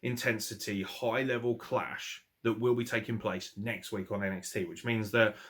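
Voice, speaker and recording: An English man reviewing a wrestling show in casual talk, ranting and swearing freely, animated and quick to laugh. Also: lowish voice. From England.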